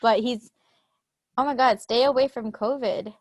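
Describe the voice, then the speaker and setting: A woman's voice: on the high side, steady tone, normal speed, dry recording. A young woman, a student teacher, chatting as a podcast guest in a playful, teasing way. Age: young adult. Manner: playful, teasing, laughs often. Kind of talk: casual chat.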